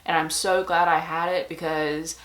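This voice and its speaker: A woman's voice: deep voice, flat delivery, moderate pace, a bit bright. A young woman vlogger telling a personal story in a casual, chatty way, with lots of "like" and "um".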